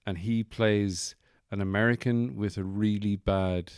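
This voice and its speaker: Male podcast host, low-ish voice, dry close sound, jokey and relaxed. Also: measured pace, clean tone, no room sound. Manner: playful, joking asides. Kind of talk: casual chat. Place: bedroom.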